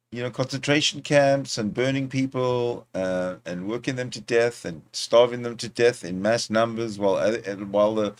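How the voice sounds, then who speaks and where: A man hosting a livestream, talking in a casual, rambling way, often pausing, restarting and talking to himself into a desktop microphone. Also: mid-range voice. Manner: rambling, talks to himself, many fillers and restarts. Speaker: livestream host. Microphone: desktop streaming mic.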